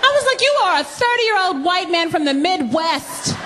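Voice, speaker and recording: A woman performing a stand-up comedy set, telling animated stories and jumping up high whenever she quotes people. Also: moderate pace, noisy background. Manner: animated storytelling, jumps high for quoted voices. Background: audience laughter.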